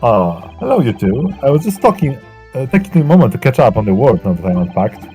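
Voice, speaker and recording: Man doing a genial, deeper-voiced professor. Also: big pitch swings, a little fast, mellow, faint music behind, natural voice. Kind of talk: live game voice reading.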